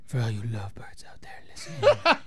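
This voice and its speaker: A man putting on a sultry, deep-voiced late-night radio DJ with a slow, drawn-out delivery, in a radio studio. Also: huge pitch swings, breathy edge.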